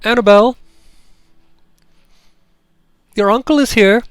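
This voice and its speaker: A man voicing a dryad maid, a tree-spirit woman with a strong, clear voice who calls out cheerfully in a tabletop game. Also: high voice, quick pace, dry recording, studio quality, voice pushed up, natural voice.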